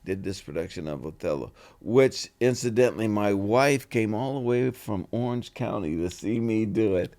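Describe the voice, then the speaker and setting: Speaking at a normal pace with hardly any pauses, an older guest actor with a lowish voice shares stories in a casual interview. He is animated and brings the dialogue to life by acting it out in voices.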